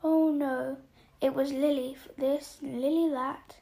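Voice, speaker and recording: A woman voicing a bitter, shrill middle-aged aunt who rants and shrieks, in an audiobook reading. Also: fairly even intonation, a little slow, warm tone. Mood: ranting. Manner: shrieking, ranting.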